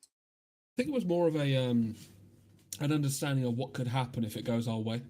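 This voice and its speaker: A man co-hosting a podcast, talking enthusiastically but haltingly, with lots of pauses and restarts. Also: medium pitch, dark tone. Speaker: podcast co-host. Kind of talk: casual chat.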